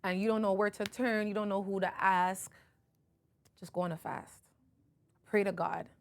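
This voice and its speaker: A woman's voice: medium pitch, fairly even intonation, normal speed. A woman podcast host retelling a Bible story in a casual, emphatic way, often correcting herself. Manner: conversational, self-correcting, emphatic.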